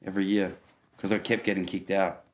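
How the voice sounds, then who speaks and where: A man in his thirties, co-hosting a casual podcast. His voice sits somewhat low, and he keeps the conversation laid-back, often jumping in with quick agreements and casual swearing. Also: little pitch movement. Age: 30s. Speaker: podcast co-host. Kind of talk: casual chat.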